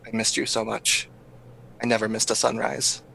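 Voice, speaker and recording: A man voicing an earnest young male adventurer, speaking softly with many pauses. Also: on the low side, little pitch movement, creaky, heavy background noise. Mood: tender. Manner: halting, soft-spoken, full of pauses.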